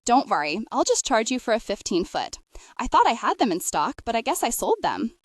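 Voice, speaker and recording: A woman voicing a patient small-town shopkeeper husband who coaxes gently and jokes dryly. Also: fairly high pitch, sing-song, a little fast, dry recording. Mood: friendly. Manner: gentle, coaxing, dry humor.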